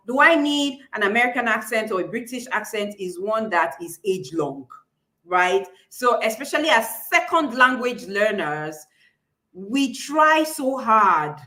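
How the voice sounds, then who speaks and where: A woman's voice: a little high, bright, forceful tone. A woman with a Nigerian accent teaching a live online public speaking class, encouraging listeners and repeating key points.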